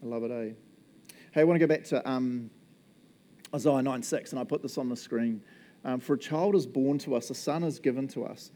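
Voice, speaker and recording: A man's voice: medium pitch, a little fast, dark tone. A man preaching a casual, conversational sermon, joking, laughing often and acting out little quoted voices. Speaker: pastor.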